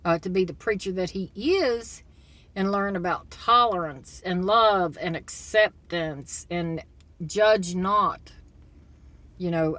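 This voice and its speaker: A woman's voice: fairly low pitch, fairly bright tone. A woman in a casual vlog monologue, retelling a story and giving blunt, critical opinions. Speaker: commentator.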